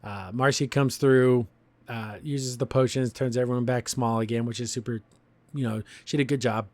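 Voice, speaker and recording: A man's voice: medium pitch, steady tone, moderate pace, darkish tone, no room sound. Man rambling through a casual episode review. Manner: rambling, chuckles often while retelling scenes. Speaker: podcast host reviewing a cartoon.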